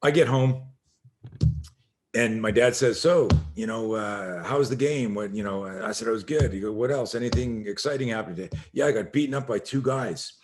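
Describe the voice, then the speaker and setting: A middle-aged man, a self-defense instructor, telling an animated story as a podcast guest and acting out the voices in it. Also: lowish voice, moderate pace, a little hiss or hum.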